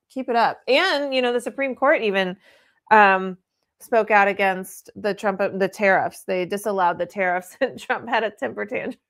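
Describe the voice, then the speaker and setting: A woman in the United States hosting an immigration law show, running through the week's news in a loose, candid way. She fills with "like" and "um" and drops laughing asides. Her voice sits in an ordinary middle register. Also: medium pitch. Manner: chatty, candid, laughing asides, lots of fillers. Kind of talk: casual news commentary. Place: home or office studio in Austin.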